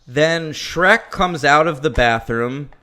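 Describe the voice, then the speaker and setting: A man's voice: on the high side, slow pace. A man co-hosting a film podcast, chatting casually with crude jokes. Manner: jokey, animated, crude humor. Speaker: podcast co-host. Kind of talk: casual chat.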